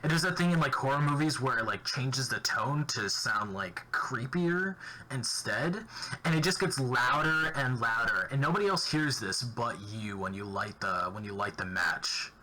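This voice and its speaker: A man narrating a tabletop role-playing game as game master, halting with many fillers and restarts. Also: mid-range voice, expressive, pushed and bright, poor audio. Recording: faint background noise.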